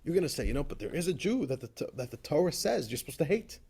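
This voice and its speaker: A man, a rabbi, giving an animated class on a religious text, often repeating himself and swelling into loud emphatic bursts. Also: on the high side, quick pace, creaky, breathy edge. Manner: rises to loud emphatic bursts when quoting, laughs often; repeats words and restarts phrases while thinking. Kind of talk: animated Torah class lecture.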